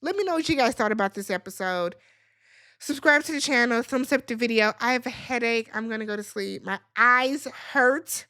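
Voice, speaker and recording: A woman's voice: fairly high pitch, moderate pace, pushed and bright. A woman hosting a reality TV recap, talking in a blunt, sassy and profane way. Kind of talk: casual recap commentary.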